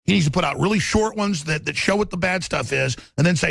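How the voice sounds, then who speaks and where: Brief: male talk host, forceful nonstop rant, high gravelly voice. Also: no echo. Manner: forceful, rapid, stammering restarts. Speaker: radio talk show host. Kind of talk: ranting political talk.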